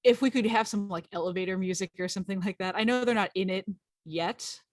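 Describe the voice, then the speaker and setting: A woman playing a tabletop role-playing game, describing her character in a halting, hesitant way. Her voice sounds close and dry, with no room echo. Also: mid-range voice. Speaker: player. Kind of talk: casual tabletop play.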